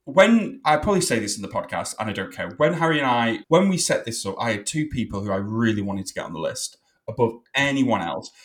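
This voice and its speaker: Animated self-mocking male podcast host. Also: medium pitch, fairly quick. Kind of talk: casual chat.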